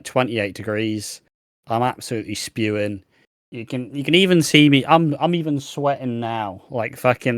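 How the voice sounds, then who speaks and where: Young man, mid-pitched voice, blunt, slangy, swears often, dry recording. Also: dry recording. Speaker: podcast co-host. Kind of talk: casual wrestling chat.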